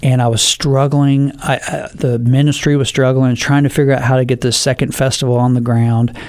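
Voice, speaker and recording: A man shares his testimony as a podcast guest, telling it earnestly and circling back over his own words. His voice sits at a middle pitch. The recording is close and dry. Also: little pitch movement, brisk, darkish tone, no room sound. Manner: earnest storytelling, repeats phrases.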